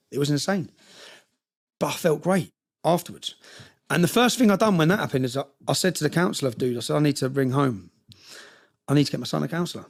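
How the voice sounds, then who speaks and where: Man, interview guest, gravelly and rapid, emotional rambling storyteller. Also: on the high side. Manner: passionate, rambling with restarts.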